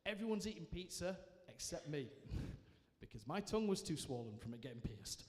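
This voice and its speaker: A man's voice: a little high, normal speed. Man telling his story in a church hall. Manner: lively storytelling with self-mocking humour. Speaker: guest speaker sharing his testimony. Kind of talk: personal testimony told to a live audience. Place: large church hall, indoors.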